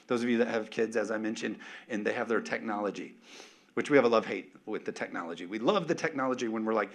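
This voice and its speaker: This pastor has a mid-range voice and talks fast as he preaches. His sermon is emphatic and animated, with calls to the congregation and casual, joking asides.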